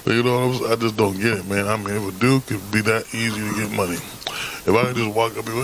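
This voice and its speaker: A man's voice: on the low side, fairly even intonation, fairly quick, a bit bright, a little hiss or hum, poor audio. A man hosting his own podcast, rambling through a casual monologue in a blunt, profane way. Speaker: podcast host.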